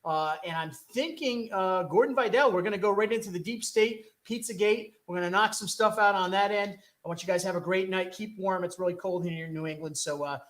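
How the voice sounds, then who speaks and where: A man's voice: high voice, brisk, hardly any pauses, fairly bright tone. A man hosting a talk show, delivering a rambling, impassioned political monologue full of rhetorical questions from a studio. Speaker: host.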